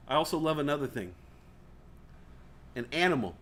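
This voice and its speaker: Lively bright-voiced man telling comic stories. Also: high voice, measured pace, a little hiss or hum. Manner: animated, swears freely, acts out quoted voices. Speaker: talk show host. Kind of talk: comedic storytelling chat. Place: studio or stream set.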